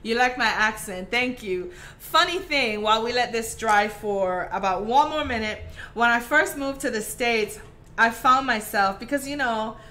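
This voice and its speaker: Casting note: a woman with a Caribbean Virgin Islands accent hosts a live craft stream, chatty and clear. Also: on the high side, measured pace, pushed and bright. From Saint Croix, US Virgin Islands. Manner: chatty, talks to viewers by name with many fillers. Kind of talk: casual chat during a live craft tutorial.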